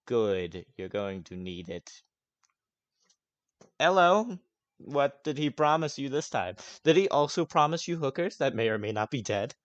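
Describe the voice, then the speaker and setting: A man's voice: mid-range voice, very animated, measured pace, no echo, highs cut off, voice pushed up. A man voicing a sarcastic, rude elf man who swears often, in a tabletop game.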